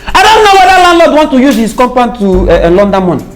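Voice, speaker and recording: An actor with a Nigerian accent playing a brash young tenant in a comedy skit, talking fast, laughing and shouting in mockery. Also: male voice, very high voice, big pitch swings, loud music behind the voice. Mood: mocking.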